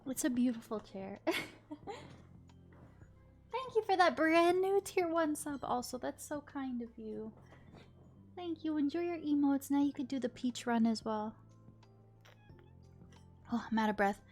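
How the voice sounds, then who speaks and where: A woman with a somewhat high voice talks casually to her live-stream viewers. She is chatty and thanks them often while fighting tech trouble. Faint music plays in the background. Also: lively intonation, measured pace, pauses often, darkish tone.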